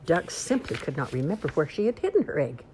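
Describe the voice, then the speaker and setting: A woman reading a children's picture book aloud in an expressive, sing-song way. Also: low voice, fairly quick, slight background noise. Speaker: storyteller. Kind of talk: children's storybook read-aloud.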